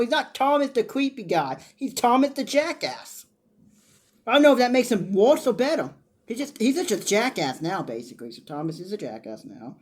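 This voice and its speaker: A woman's voice: on the high side, darkish tone. A woman in her twenties giving a blunt, opinionated, rambling review of a soap opera episode in casual chat. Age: 20s.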